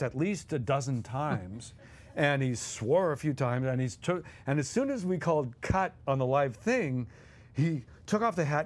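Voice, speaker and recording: A man co-hosting as a guest, telling anecdotes animatedly and acting out quotes with laughs. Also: a little high. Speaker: guest co-host.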